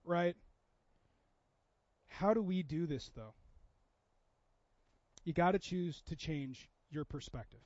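Pastor, man, thirties, high tenor, chatty sermon delivery, dry and slightly dull recording. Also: takes it slowly, pauses often, darkish tone, no echo. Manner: conversational preaching, acts out quoted voices.

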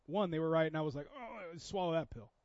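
Pastor, man, thirties, high tenor, chatty sermon delivery, dry and slightly dull recording. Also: fast, no room sound. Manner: conversational preaching, acts out quoted voices.

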